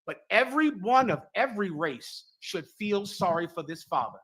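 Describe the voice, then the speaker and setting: Male preacher type, bright voice, solemn biblical delivery. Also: high voice, big pitch swings, moderate pace, husky. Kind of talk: sermon-like commentary.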